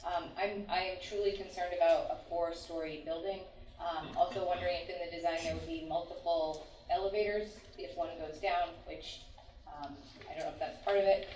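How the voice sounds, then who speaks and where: A woman's voice: on the low side, fairly even intonation, a little fast, a little mellow. A woman on a committee raising concerns at a public meeting, hesitant and full of ums. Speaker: committee member. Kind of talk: meeting discussion. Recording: echoey room, far from mic.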